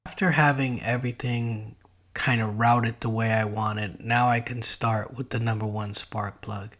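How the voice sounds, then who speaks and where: A middle-aged man hosting a DIY car channel, calmly narrating a project step by step in a plain, matter-of-fact way. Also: medium pitch, unhurried.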